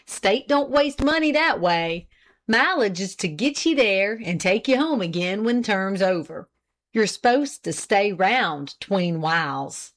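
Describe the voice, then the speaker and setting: A woman's voice: mid-range voice, lively intonation, a little slow, close to an everyday voice. A woman voicing a self-important older country husband who boasts in a rustic dialect. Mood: lecturing.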